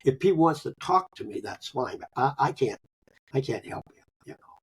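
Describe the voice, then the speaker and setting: An older man telling personal stories in a folksy, conversational way, often chuckling and trailing off softly. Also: mid-range voice, lively intonation, moderate pace, a little hiss or hum. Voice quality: gravelly, husky. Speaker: guest, grief author. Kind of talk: conversational interview.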